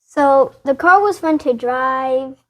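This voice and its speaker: A woman's voice: high-pitched, takes it slowly. A woman co-hosting a casual review, cheerful and replying in short agreements. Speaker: co-host.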